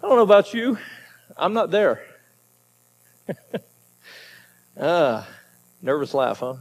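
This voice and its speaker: Emphatic preaching man, high voice. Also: big pitch swings, normal speed. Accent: Southern American. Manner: emphatic, conversational preaching with frequent restarts. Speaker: pastor. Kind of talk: sermon.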